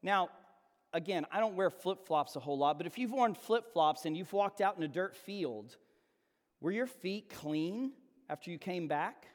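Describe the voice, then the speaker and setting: High-voiced man preaching in a reverberant hall. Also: moderate pace. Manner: animated storytelling, repeats words, addresses students. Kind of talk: sermon.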